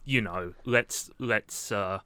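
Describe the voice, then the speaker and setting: A man's voice: fairly low pitch, takes it slowly, crowd noise. A man co-hosting a podcast, chatting casually and dropping dry, sardonic quips. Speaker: podcast co-host. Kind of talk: casual chat.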